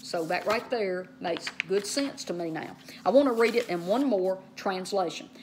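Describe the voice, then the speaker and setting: A woman teaching Bible study in a casual way, often saying "okay", spelling out words and slowing down to stress key terms. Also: medium pitch, background noise.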